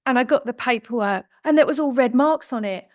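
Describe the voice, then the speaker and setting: A woman in her fifties, a podcast guest telling a personal story in a lively way and acting out the dialogue she quotes. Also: high-pitched, fairly quick. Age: 50s.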